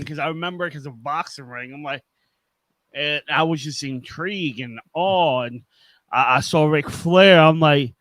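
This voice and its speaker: A man's voice: a little high, measured pace, fairly bright tone, no echo, poor audio. A man guesting on a podcast as a veteran pro wrestler, talking in a laid-back, joking way. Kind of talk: casual interview chat.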